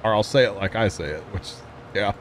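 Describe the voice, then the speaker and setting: With a lowish voice and a slightly fast pace, a young Midwestern livestreamer chats casually with viewers over his gameplay. He laughs often and makes self-deprecating jokes, against slight background noise.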